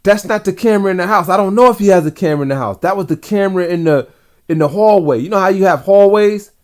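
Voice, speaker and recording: A man's voice: high-pitched, quick pace. Rambling man telling a dream story. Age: adult father. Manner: rambling, talks to viewers directly, slangy. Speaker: vlogger recounting dreams. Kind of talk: casual storytelling.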